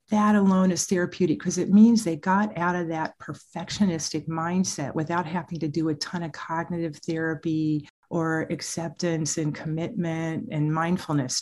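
A middle-aged woman, a therapist guest in an interview, telling parenting stories with frequent laughs. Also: fairly low pitch. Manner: animated storyteller, laughs often. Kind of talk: podcast interview.

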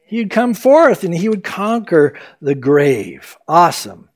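High-voiced, animated preacher man. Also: slow. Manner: animated storytelling, acting out quoted voices. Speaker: pastor. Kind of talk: sermon.

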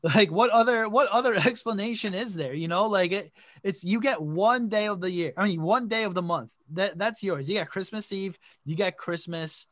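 Rambling young man, high voice. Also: moderate pace, a bit bright, dry recording, clean studio sound. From Connecticut, USA. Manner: rambling, lots of "like" fillers, swears freely. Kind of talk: casual chat.

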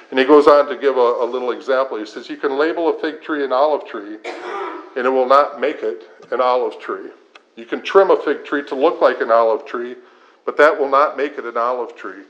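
A man's voice: medium pitch, fairly bright tone. A middle-aged man preaching a sermon in an earnest style, building points through repetition. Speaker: pastor. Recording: slightly dull lo-fi sound.

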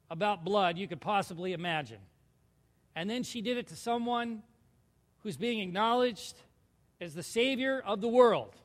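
A male pastor with a high voice preaches a sermon in a large hall, reading scripture aloud with rising intensity. He asks his congregation questions and jokes with them.

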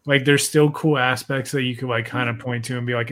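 A man's voice: mid-range voice, level tone, normal speed, long pauses, a bit bright. A young man hosting a podcast, chatting casually in a laid-back, rambling way with lots of swearing. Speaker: podcast host.

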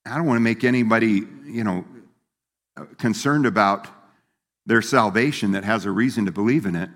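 This sermon comes from a man with a lowish voice speaking at a moderate pace. He preaches as a pastor in a folksy, easygoing style, laughing and imitating the quoted voices, while a long hall reverb trails behind him.

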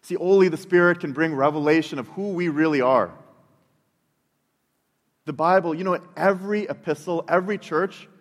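Man, 30s, pastor, earnest sermon, repeats words mid-thought, slightly high voice, long hall reverb. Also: normal speed. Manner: earnest, repeats words while building a point.

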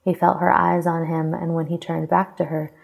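A woman reading a romantic fantasy fan fiction aloud in steady, even storybook narration. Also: deep voice, normal speed, gravelly, husky, rough recording.

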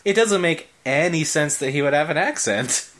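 A man's voice: fairly high pitch, expressive, moderate pace, fairly bright tone. A man co-hosting a casual video game podcast, chatty and often groping for words. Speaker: podcast co-host.

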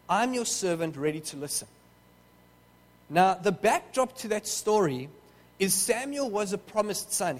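A man's voice: sits high, long reverb tail. A man preaching a sermon, telling a story with touches of humor and often restarting his sentences.

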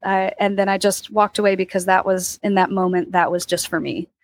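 Wanita pencerita yang ekspresif, suara kering. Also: female voice, mid-range voice, fairly quick, no room sound. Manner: animated storyteller, acts out quoted voices, laughs often. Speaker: guest actor. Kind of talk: casual storytelling interview.

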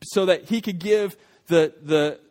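A man's voice: high voice, unhurried. A man preaching a sermon, acting out the voices of the crowd and stumbling over his words as he explains a Bible passage. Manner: animated, acts out the crowd's voices, many restarts. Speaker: pastor.

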